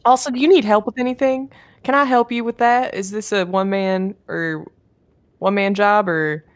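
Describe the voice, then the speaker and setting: A woman's voice: medium pitch, steady tone, moderate pace, no echo, pitched above the performer's own voice, close to an everyday voice. A woman voicing a nosy, eager young adventurer woman who chatters in a bubbly, rambling way in a tabletop game. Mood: chirpy.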